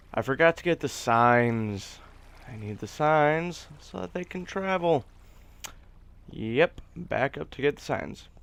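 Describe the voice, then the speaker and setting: A man's voice: mid-range voice, gravelly. A man giving casual, chatty commentary over his own gameplay as host, rambling a little and poking fun at himself. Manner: chatty, rambling, self-deprecating. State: hiccups. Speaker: let's play host.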